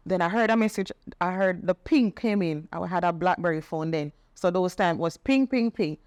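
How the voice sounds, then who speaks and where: A middle-aged woman, telling a personal testimony in conversation, earnest and animated when she quotes others. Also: lowish voice, normal speed, no room sound, clean studio sound. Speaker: podcast guest sharing testimony.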